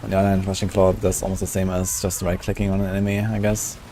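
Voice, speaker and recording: A man's voice: low-pitched, monotone, fast, warm tone, a little hiss or hum. A man casually chatting and thinking aloud while he streams a game. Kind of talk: casual gameplay commentary.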